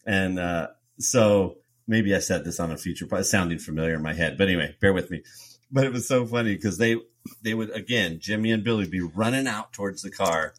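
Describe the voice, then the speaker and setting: A man's voice: low voice, brisk, no echo. A man co-hosting a casual podcast chat, telling stories and laughing often as he talks. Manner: giggly, laughs through his stories. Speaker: podcast co-host.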